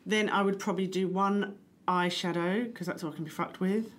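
A woman co-hosting a podcast in relaxed conversation. Her tone is wry and chatty, and she runs through lists at a brisk clip. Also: medium pitch. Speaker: podcast co-host. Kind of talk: casual chat.

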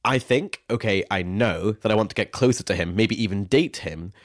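A man's voice: on the low side, moderate pace. A young man co-hosting a casual podcast, reading out listener questions and laughing often. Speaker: podcast co-host. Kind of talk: casual chat.

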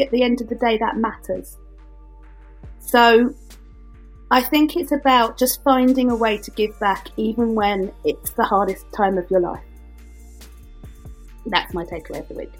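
A woman talks on a podcast panel in a slightly high voice with a husky edge. She laughs easily as she speaks. Light music sits faintly under her. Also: low-quality recording. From London. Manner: warm-hearted, laughs often. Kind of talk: casual panel chat.

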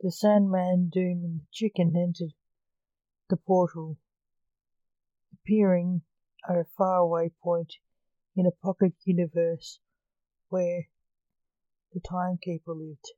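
A woman narrating a storybook in a plain, measured way. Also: on the low side, little pitch movement, no echo, dull audio. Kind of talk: storybook reading.

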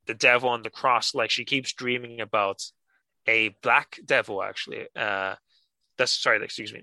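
A man co-hosting a podcast, rambling through his thoughts with plenty of "like" and restarts. His voice is very sharp and tense, recorded dry and close with no room sound. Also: mid-range voice, no echo, low-quality recording. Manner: rambling, hesitant, lots of "like". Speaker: podcast co-host. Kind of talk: casual chat.

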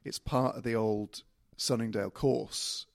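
A man's voice: medium pitch, steady tone, a little slow, creaky, no room sound, studio quality. A man guesting on a golf podcast, telling stories casually with self-mocking humour. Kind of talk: casual chat.

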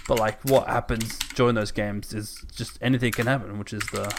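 A man's voice: on the low side, steady tone, fairly quick, background noise. A man with an Australian accent, co-hosting a casual podcast with a friend. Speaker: podcast co-host. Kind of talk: casual chat.

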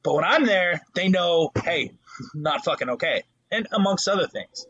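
Brief: young male co-host, husky, high-pitched and lively, big animated storytelling. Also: moderate pace, dull audio. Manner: animated storytelling, swears a lot, acts out voices. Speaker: podcast co-host, substitute teacher. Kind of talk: casual chat.

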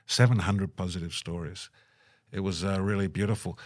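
A middle-aged man in an interview, telling stories with lively energy and acting out the people he quotes. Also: sits low, moderate pace. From Australia. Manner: animated, puts on voices when quoting people. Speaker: guest. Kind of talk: storytelling interview.

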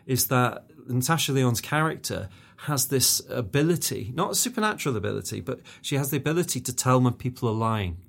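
Male podcast co-host, mid-pitch, relaxed enthusiastic chat. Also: brisk, vocal fry, hardly any pauses. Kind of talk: casual chat.

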